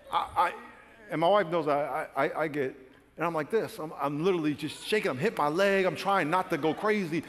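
A man pastor telling a funny personal story in a sermon, acting out his own frantic lines with bursts of shouting and laughter. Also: on the high side, fairly quick, in a large hall, a little hiss or hum. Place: large church auditorium.

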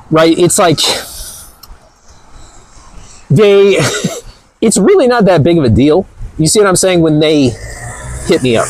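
A man's voice: a little high, lively intonation, moderate pace, pauses often, a little mellow, no room sound, poor audio. A man hosting a motivational vlog, talking energetically and emphatically in a rambling way, recorded at a gym on a clip-on mic. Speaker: channel host. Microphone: clip-on body mic.

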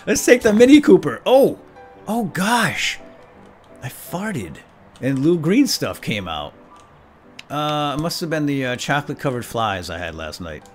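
A man hosting a let's play, giving silly role-play commentary in an excitable, giggly way. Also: a little high, measured pace, faint music behind.

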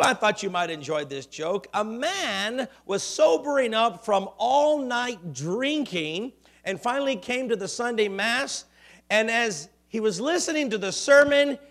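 A pastor delivering a sermon in a church, animated, rising to loud exclamations. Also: male voice, high-pitched. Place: church sanctuary.

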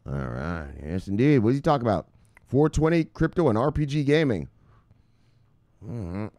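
A man's voice: mid-range voice, very animated, normal speed, mellow, no room sound. A man hosting a casual cryptocurrency vlog, talking in a boisterous, profane way full of street slang. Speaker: crypto news vlogger.

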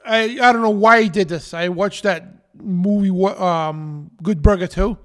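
A man with a notably high voice co-hosts a talk radio show. He speaks bluntly and with strong opinions, tossing in quick asides in a casual, chatty way. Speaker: co-host.

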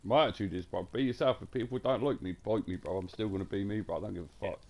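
A man's voice: lowish voice, fast talker, gravelly, darkish tone. A man, chatting casually on a live stream in a blunt, slangy way that is full of swearing.

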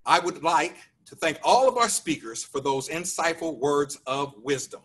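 A man's voice: fairly high pitch, lively intonation, normal speed, a bit bright, slightly rough, recorded from a distance, low-quality recording. A man formally presenting and certifying a graduating class, reading from a script. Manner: formal, reads a prepared script. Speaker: ceremony presenter. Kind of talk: formal announcement.

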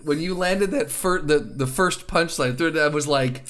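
A man co-hosting a podcast in casual chat, halting and restarting his sentences and laughing easily. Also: fairly high pitch, fairly bright tone. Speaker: podcast co-host.

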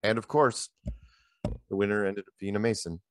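A middle-aged man hosting a show, telling rambling anecdotes in a casual, animated way into a handheld microphone. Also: on the low side, normal speed, no echo, studio quality. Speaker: show host. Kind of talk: casual storytelling chat.

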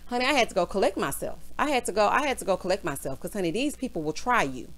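A woman's voice: medium pitch, animated, fast, fairly bright tone. Sassy woman ranting. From Southern US. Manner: sassy, calls everyone honey and girl. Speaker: reality TV recap host. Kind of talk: casual recap rant.

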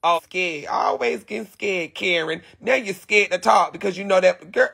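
A man's voice: sits high, moderate pace, vocal fry, sharp tone, slightly rough. A man with a cold, hosting a casual livestream from his guest room at home and ranting in a brash, profane way. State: has a cold. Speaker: livestream host. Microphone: phone livestream.

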